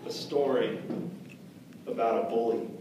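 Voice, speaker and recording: A man's voice: medium pitch, steady tone, measured pace, warm tone. A man telling a story live to a crowd of kids, chatty and asking them questions. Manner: chatty, asks the audience questions. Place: storytelling festival hall. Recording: echoey hall from far off, noisy.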